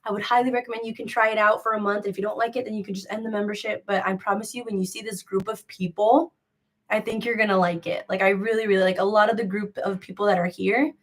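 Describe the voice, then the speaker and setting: Hosting a live crochet sale, this young woman speaks quickly at a medium pitch with fairly even intonation. The talk is loose live-stream chat: frank, gossipy, meandering, and heavy on "like" and other fillers.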